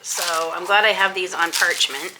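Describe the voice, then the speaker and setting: A middle-aged woman chatting through a home baking vlog in her kitchen, homey and quick to laugh. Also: on the low side, steady tone, background noise. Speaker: homesteading vlogger.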